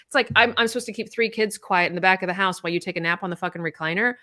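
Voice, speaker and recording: A woman's voice: fairly low pitch, steady tone, racing, few pauses, pushed and bright. A middle-aged woman, a podcast co-host, telling a personal story in candid casual chat, blunt and swearing freely.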